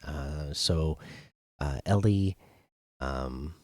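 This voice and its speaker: A non-British host gives a casual spoken recap of an episode, loose and heavy with fillers and restarts. His voice is extremely low and he draws out his words. The recording is dry with clean studio sound.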